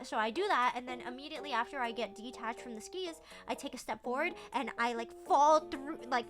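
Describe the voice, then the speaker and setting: Bright, high-voiced woman telling a story. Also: soft background music. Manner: animated, acts out her own panic with stammers and quick bursts. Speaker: streamer. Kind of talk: storytelling chat stream.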